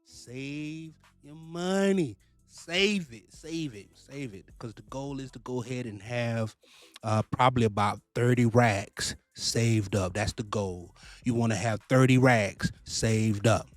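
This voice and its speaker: Animated trucker man, dry close sound. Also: mid-range voice, measured pace, no echo, soft background music. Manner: animated, repetitive, preachy, swears freely. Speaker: trucking vlogger, lease purchase owner-operator. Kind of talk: casual advice vlog.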